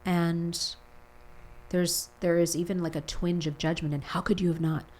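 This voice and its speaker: A woman hosting a heartfelt podcast interview, guiding her guest through slow, soothing reflections. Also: lowish voice, little pitch movement, darkish tone, low-quality recording. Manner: slow, soothing guided reflection with long lists. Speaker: podcast host.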